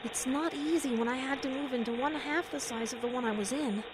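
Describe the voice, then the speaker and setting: A woman's voice: high-pitched, a little fast, noisy background, close to an everyday voice. A woman playing a frazzled, harried bride-to-be juggling phone calls and errands. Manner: harried and businesslike. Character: frazzled busy bride-to-be assistant.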